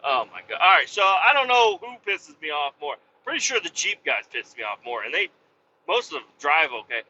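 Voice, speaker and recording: A man hosting a comedic rant, swearing constantly, mocking and shouting in bursts. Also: a little high, very animated, brisk, lo-fi sound, slight background noise. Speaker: host.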